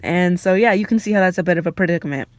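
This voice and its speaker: A young woman vlogger telling childhood stories in a chatty, lively way, with laughs and fillers. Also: on the low side, very fast, no room sound. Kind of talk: casual storytelling.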